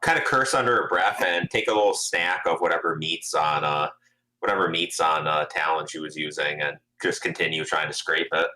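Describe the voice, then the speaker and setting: A man playing a tabletop game, describing his character's actions hesitantly with many pauses. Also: rumbling low, pushed and bright, low-quality recording. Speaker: player.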